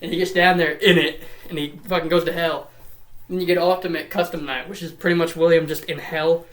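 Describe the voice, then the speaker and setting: A man's voice: a little high, little pitch movement, brisk, fairly bright tone, reverberant. A man rattling through a comedic lore summary, rambling and profane, with repeats and silly put-on voices. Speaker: lore recap commentator.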